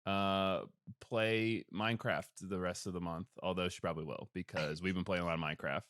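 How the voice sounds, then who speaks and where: A man's voice: sits low, fairly even intonation, fairly quick, fairly bright tone, clear, resonant tone, no room sound, studio quality. A man hosting a casual podcast, joking and rambling with wry asides. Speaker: podcast host. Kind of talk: casual chat.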